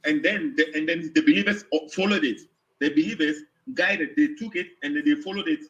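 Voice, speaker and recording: A man phoned into a live debate, working through his argument in fits and starts. His voice sits a bit high and comes over a dull, lo-fi line. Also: fairly bright tone. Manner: halting, repeats and restarts while explaining. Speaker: caller. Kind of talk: religious argument on a call.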